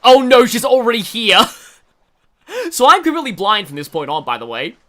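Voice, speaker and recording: With faint game music in the background, an Australian man hosting a gaming video chats and rambles, laughing a lot and filling gaps with fillers. His high, sharp voice swings hugely in pitch at a moderate pace.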